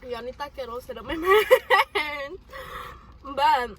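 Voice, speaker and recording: A young woman with a high voice chats casually with a friend. She cuts in with short reactions and swears freely. A faint hum of the room sits behind her. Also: lively intonation, slow pace, a bit bright. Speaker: co-host. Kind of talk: casual chat.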